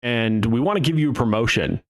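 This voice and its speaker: A young man hosting a podcast, telling a work story in a casual, animated way. He acts out the people he quotes and reacts to his chat. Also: mid-range voice, fairly quick. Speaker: podcast host.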